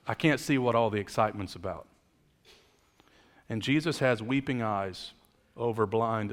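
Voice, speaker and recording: A male pastor delivering a sermon with a mid-range voice. He tells stories in a relaxed, joking way and then builds to emphatic preaching. The sound carries a long reverb from a church hall. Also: medium pitch. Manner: conversational storytelling with jokes, building to emphatic preaching.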